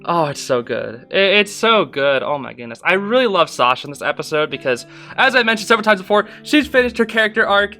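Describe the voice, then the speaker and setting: An excited young man talks through a cartoon episode in a loose, casual review, gushing and repeating his praise. His voice sits high and bright. Faint music plays underneath. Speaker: video reviewer.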